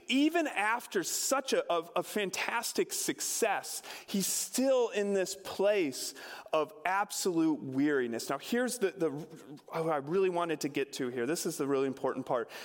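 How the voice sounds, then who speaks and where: A pastor giving a sermon, retelling a scripture story in a conversational way with touches of humor. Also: male voice, a little high, a little slow, big-room sound.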